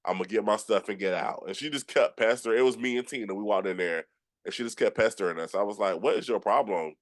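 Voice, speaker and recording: A man from Georgia with a Southern accent, hosting a casual chat and telling animated stories with many restarts. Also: fairly low pitch, fast talker. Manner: animated storyteller with frequent restarts, acts out quotes. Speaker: podcast host.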